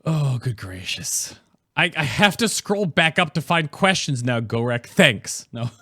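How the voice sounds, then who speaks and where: A man hosting a casual gaming podcast, reading chat aloud, laughing often and reacting in an animated way. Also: on the high side, measured pace, husky, no echo, studio quality. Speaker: podcast host.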